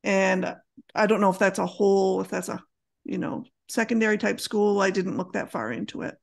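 A middle-aged woman in a medium voice talks as a podcast co-host. She is relaxed and meandering, often pausing with fillers as she thinks aloud. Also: medium pitch, vocal fry. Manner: relaxed, hesitant, many fillers. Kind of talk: casual chat.

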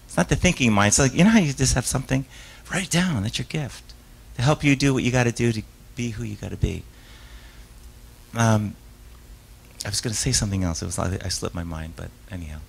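His voice is mid-range, gravelly and breathy, running a little fast, and the audio is poor. During a live author talk where he takes questions from the crowd, the stage hypnotist rambles, stops and restarts his sentences, laughs a lot, and voices the characters in his tales.

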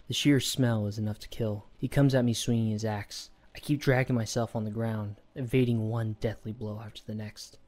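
Mellow-voiced man narrating a horror story. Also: fairly low pitch.

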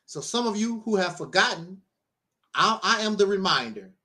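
A middle-aged minister with a high-sitting voice talks at normal speed in a casual monologue. He is an animated storyteller who laughs often and slips in preachy asides.

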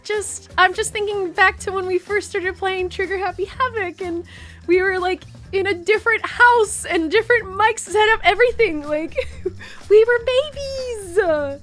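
A woman's voice: very high voice, normal speed, a bit bright, soft background music. A woman co-hosting a game playthrough, rambling and gushing in casual chat with the odd swear word. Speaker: co-host of a gaming channel. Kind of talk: casual let's play chat.

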